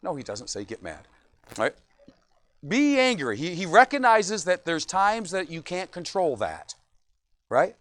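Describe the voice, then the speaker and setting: A man's voice: high-pitched, sing-song, a little slow, fairly bright tone, no room sound. A middle-aged man, a pastor, preaching a sermon in a church, joking often and asking "right?" again and again.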